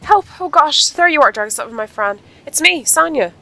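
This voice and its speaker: A woman voicing an injured young woman rider, reading game dialogue aloud in a lively, upbeat voice. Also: sits high, normal speed, vocal fry, voice pushed up, heavily acted, poor audio. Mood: chatty.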